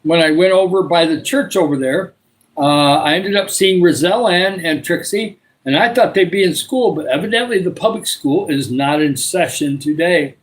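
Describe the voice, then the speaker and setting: A man's voice: on the high side, normal speed, rough recording. Chatty Michigan man hosting a livestream. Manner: rambling, many filler uhs. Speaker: livestream host. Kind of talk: casual live chat with viewers.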